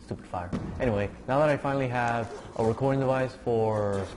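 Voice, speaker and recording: A man's voice: medium pitch, fairly even intonation, brisk, noisy background. A young man giving casual, rambling commentary over a zombie game. He mumbles under his breath, curses at the game and sounds sleepy. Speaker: gaming YouTuber.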